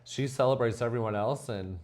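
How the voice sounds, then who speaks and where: A man's voice: medium pitch, fairly quick, a little mellow. A man speaking as a college volleyball head coach, talking enthusiastically and casually about his players. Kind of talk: casual interview.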